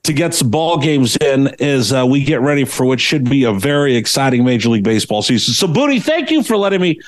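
A man's voice: mid-range voice, very animated, a little fast. A man interviewing the podcast host in casual chat, eager and curious. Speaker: guest interviewer.

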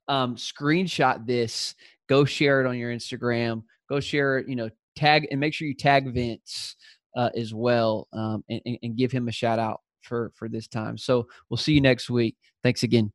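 A man's voice: mid-range voice, normal speed. Effusive podcast host man, faint music. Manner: friendly, effusive, calls people "man" and "brother". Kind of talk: casual interview wrap-up and outro.

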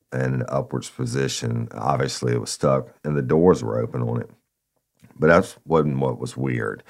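A man's voice: rumbling low, darkish tone. A man, a former police officer telling a story casually, calling listeners "y'all" and swearing freely.

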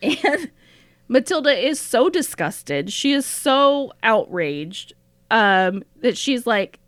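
Woman co-host, animated storyteller, higher voice that swings widely, dry close sound. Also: takes it slowly, dry recording. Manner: animated storytelling, laughs often. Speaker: podcast co-host. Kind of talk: casual chat, retelling and reading a diary entry.

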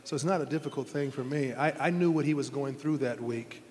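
A man's voice: mid-range voice, fairly quick, a little mellow, big-room sound, slight background noise. A middle-aged man, a former football quarterback, telling heartfelt stories in an interview with earnest, rambling restarts. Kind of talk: interview storytelling.

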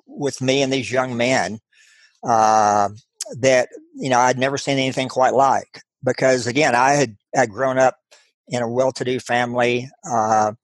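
Texan man, middle-aged, halting earnest storytelling, mid-pitched, dry close sound. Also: steady tone, dry recording. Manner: halting, earnest, many restarts and fillers. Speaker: guest. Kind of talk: storytelling interview.

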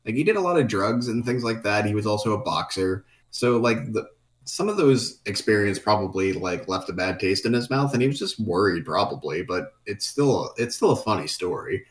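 A man's voice: fairly low pitch, moderate pace. A man co-hosting a casual podcast, chatting loosely about wrestling with many fillers. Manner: relaxed, chatty, lots of "like" fillers. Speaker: podcast co-host.

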